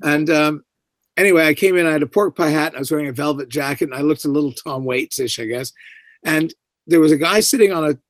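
A middle-aged man, an actor guest on a podcast, telling an anecdote in an animated way and acting out the voices of the people he quotes. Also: fast, no room sound. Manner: animated, acts out quoted voices with big pitch jumps. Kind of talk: anecdotal storytelling.

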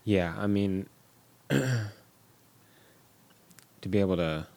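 A man hosting a podcast, talking in a halting, hesitant way full of fillers. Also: fairly low pitch, expressive, creaky, a little mellow. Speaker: podcast host. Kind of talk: casual chat.

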